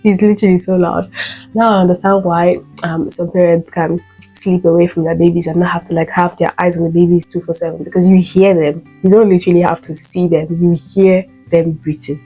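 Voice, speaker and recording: A young woman with a low, mellow, husky voice tells a casual storytime vlog about being a new mom. She rambles with fillers and breaks into lively, higher bursts now and then. Soft guitar music plays faintly underneath. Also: fairly quick, poor audio. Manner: chatty, many fillers, animated bursts.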